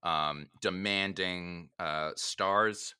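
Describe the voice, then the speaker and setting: A man's voice: low-pitched, fairly even intonation, drawn-out words, bright, forceful tone, smooth. A man in a casual film chat, joking around, swearing freely and laughing often. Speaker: podcast co-host.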